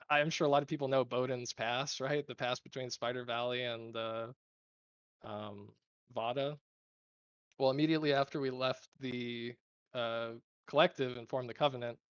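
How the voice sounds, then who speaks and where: A man talks loosely about his gaming guild, rambling and cursing and acting out quoted arguments. His voice sits at an ordinary pitch. The sound is dull and lo-fi, with no room echo at all. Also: smooth. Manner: rambling, swears freely, quotes others in animated bursts. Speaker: guild leader. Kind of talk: casual interview answers.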